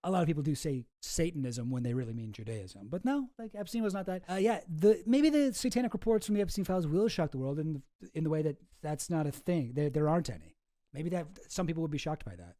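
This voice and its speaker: A man's voice: fairly high pitch, big pitch swings, fast, warm tone, no echo, clean studio sound. A man hosting a casual livestream, reacting to clips in a sarcastic, incredulous, rambling way. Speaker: streamer host.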